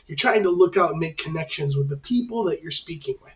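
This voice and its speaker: High-voiced male teacher, distant lo-fi sound. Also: lively intonation, fast, fairly bright tone. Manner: conversational, reassuring, talks with his hands. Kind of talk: recorded class instructions. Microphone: camera facing the speaker. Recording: dull, lo-fi, mic at a distance.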